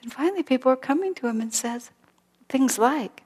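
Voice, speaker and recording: A woman teaching a spiritual class in a gentle, reflective way, often sinking into a soft whisper. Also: high-pitched, animated, a little fast, husky, big-room sound.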